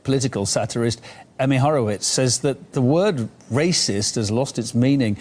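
A man delivers a broadcast news report in a measured, formal way. His voice sits at an ordinary middle pitch. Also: a little mellow.

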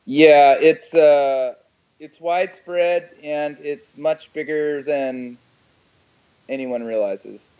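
Guy on a muffled phone line, halting and hesitant, loudness all over the place, voice a bit high. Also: smooth. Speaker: interview guest on the phone. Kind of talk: phone-in interview.

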